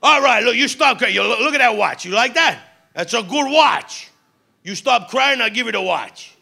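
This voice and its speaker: A man doing a loud brash Boston uncle. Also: extremely high pitch, animated, moderate pace, heavily acted. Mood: coaxing. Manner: shouting, gruff, bossy. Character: loud brash old Boston uncle, tough-guy joker.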